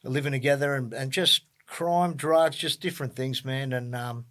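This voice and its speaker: A man's voice: medium pitch, normal speed, a bit bright. A middle-aged Australian man, talking casually as a podcast guest. He tells his story in a rambling way, circling back with ums and repeated words. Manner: rambling, lots of fillers and repeats.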